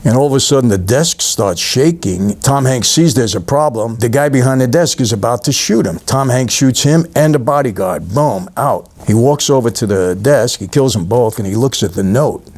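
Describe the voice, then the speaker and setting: A man's voice: mid-range voice, animated, normal speed, hardly any pauses, a little mellow. A middle-aged New York man talks straight to camera, walking his viewers through a film scene by scene. His delivery is easy and conversational, with a storyteller's habit of stopping to speak to the audience directly. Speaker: channel host reviewing a film. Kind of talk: casual talk-to-camera film recap.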